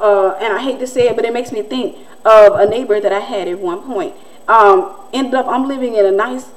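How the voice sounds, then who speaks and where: Animated preaching woman in her forties. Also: on the high side, a little hiss or hum, rough recording. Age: 40s. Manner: conversational, animated, acts out quoted voices. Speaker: Christian teacher and host. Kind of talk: preaching-style teaching talk.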